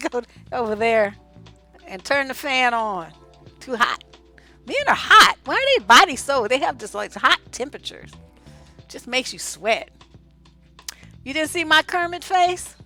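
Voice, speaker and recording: Blunt, animated woman coach, bright voice. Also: sits high, a little slow, long pauses, soft background music. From Oakland, California. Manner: blunt, animated, laughs often. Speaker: relationship coach and channel host. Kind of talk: casual advice talk to viewers.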